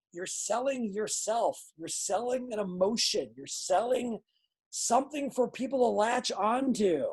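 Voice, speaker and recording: A woman teaching a wrestling class, blunt and animated, acting out lines as she speaks. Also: a little high, a little slow, slightly rough. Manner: animated, acts out quoted lines; blunt, swears freely. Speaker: wrestling instructor. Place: training academy class.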